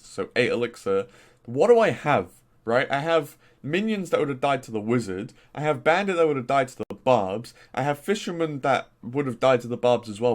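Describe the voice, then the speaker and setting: A young man with a faint Norfolk accent rambles through a casual gaming commentary. He speaks in a mid-range voice, full of fillers and little exclamations, chatty and unscripted. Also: mid-range voice. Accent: mild Norfolk English. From Norfolk, England. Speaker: gaming YouTuber. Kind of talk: casual commentary reviewing posts.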